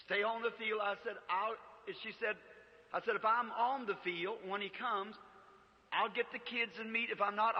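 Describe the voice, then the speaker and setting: A man, preaching a sermon as an emotional story, pleading and acting out the prayers he recounts. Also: high voice. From United States. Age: 50s. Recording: dull old church recording with long reverb.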